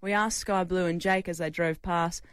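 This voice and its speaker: A woman's voice: fairly low pitch, fairly even intonation, normal speed, clear, resonant tone, no room sound, clean studio sound. A young woman, a footballer telling stories in casual chat with a lot of laughter. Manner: laughing storyteller. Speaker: guest footballer.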